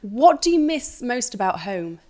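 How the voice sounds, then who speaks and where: A woman's voice: a little high, very animated, a little slow, darkish tone. A woman with a Yorkshire accent hosting a casual chat, asking friendly, playful questions. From Yorkshire, England. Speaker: interview host.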